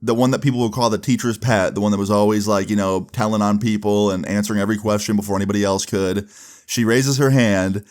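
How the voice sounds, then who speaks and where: A young man with a fairly low voice recounts a story in a casual, conversational way. His delivery is loose and unhurried, peppered with fillers and the odd curse word. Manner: relaxed, swears casually, fillers like "like" and "you know". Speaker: storyteller vlogger.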